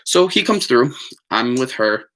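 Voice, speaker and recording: Male vlogger, casual digressive storyteller, mid pitch, bright tense tone. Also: sing-song, measured pace. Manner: chatty, digressive, many fillers and apologies. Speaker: vlogger on a live stream.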